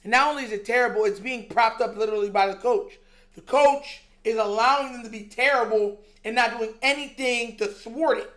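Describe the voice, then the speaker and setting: A sports show host in an animated, exasperated rant, slangy and mocking, laughing between points. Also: medium pitch, a little fast. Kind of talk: heated sports talk rant.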